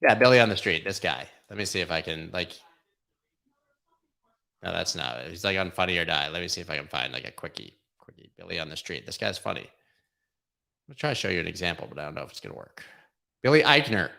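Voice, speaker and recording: A man's voice: deep voice, lively intonation, fast talker, creaky, pauses often, sharp tone. A man hosting a casual livestream chat, rambling and joking with lots of filler words. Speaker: host.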